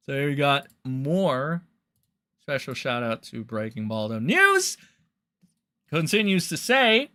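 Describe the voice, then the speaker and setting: A man's voice: fairly high pitch, fairly bright tone, clean tone. A young man hosting a livestream, rambling and swearing as he comments on online drama and talks to his chat.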